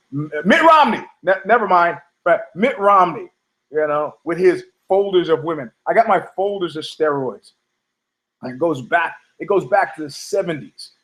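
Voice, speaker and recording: A man's voice: on the high side, poor audio. A man from New York, hosting a show, delivering a profane, heated, rambling rant full of restarts. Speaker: podcast host. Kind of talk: ranting monologue.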